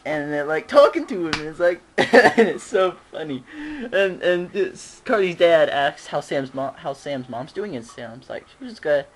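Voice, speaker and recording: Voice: medium pitch, animated, a little slow, slight background noise. A fan recapping a TV episode in a casual vlog, rambling and giggling, with frequent restarts. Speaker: show reviewer.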